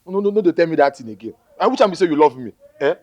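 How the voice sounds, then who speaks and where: Brief: a suspicious young boyfriend, Nigerian Pidgin accent, pleading and repetitive, animated pitch. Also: male voice, racing, lo-fi sound. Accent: Nigerian Pidgin English. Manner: pleading, repeats himself, mixes in Igbo. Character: young man, jealous and suspicious lover. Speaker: film character. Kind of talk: Nollywood film acting.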